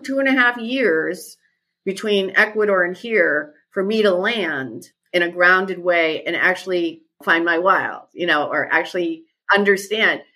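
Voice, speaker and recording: A woman's voice: on the low side, bright, forceful tone. A woman guest who leads retreats, talking thoughtfully in a podcast conversation and repeating her key phrases.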